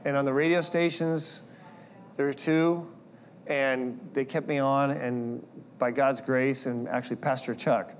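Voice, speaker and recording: Animated male preacher telling stories. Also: medium pitch, measured pace, a little hiss or hum. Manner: animated, acts out quoted voices. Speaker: guest speaker. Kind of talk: sermon with personal storytelling.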